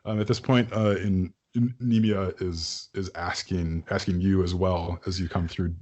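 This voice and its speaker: A man's voice: low voice, steady tone, unhurried, few pauses, darkish tone. A man narrating a tabletop game as game master, hesitant, with many fillers and a lot of amusement.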